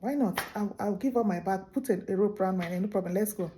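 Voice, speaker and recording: A gentle, trusting giant of an elephant, voiced by a woman telling a folk tale. Her tone stays warm and mellow at a middling pitch, with a generous, open-hearted manner. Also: fast, a little hiss or hum, close to an everyday voice. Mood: easygoing. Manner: easygoing, then bewildered. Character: big kind trusting male elephant.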